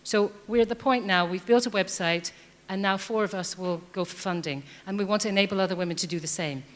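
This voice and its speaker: Rising from the floor of a debate, this audience member, a woman in her fifties, talks quickly at a medium pitch. She sounds earnest yet hesitant, filling gaps with many ums, while the big hall adds long reverb.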